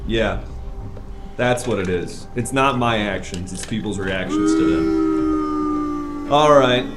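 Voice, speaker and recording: A man playing a bumbling, self-important adventurer in a live improv comedy show, talking in a boastful, deadpan way. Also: mid-range voice, takes it slowly, over music. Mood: self-pitying. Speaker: comedy streamer. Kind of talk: improv comedy role-play.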